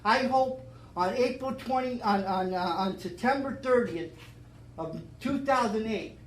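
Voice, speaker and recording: An older man tells his sobriety story in a fairly high voice, and his words stumble and repeat as the feeling rises. The talk rings out in an echoey room with a faint hum of ambience behind it. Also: a little slow. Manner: emotional, repetitive storytelling with many restarts. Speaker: AA speaker. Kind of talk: recovery talk to a meeting.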